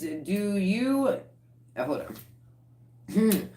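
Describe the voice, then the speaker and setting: A woman's voice: fairly low pitch, lively intonation, takes it slowly, fairly bright tone, roomy sound. A woman giving a casual tarot collective reading, blunt and profane, breaking into laughter often. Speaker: tarot reader.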